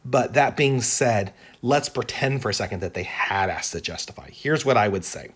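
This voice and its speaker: With a lowish, husky voice and an expressive delivery at a moderate pace, a man teaches exam-prep calculus. This math teacher reasons out loud through the problem, often asking "right?".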